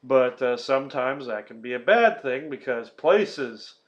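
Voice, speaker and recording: A man in a casual movie podcast chat, his medium-pitched voice wandering through the plot with filler words and the odd curse. The audio is dull and lo-fi, like a home podcast setup. He laughs easily and keeps things loose. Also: expressive, a little slow. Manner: rambling, swears, laughs often, many fillers. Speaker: podcast host.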